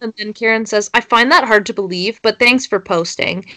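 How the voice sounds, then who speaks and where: A woman's voice: fairly high pitch, normal speed, bright, forceful tone, no echo. A young woman, co-hosting a casual chat and reading social media posts aloud. She giggles and swears freely.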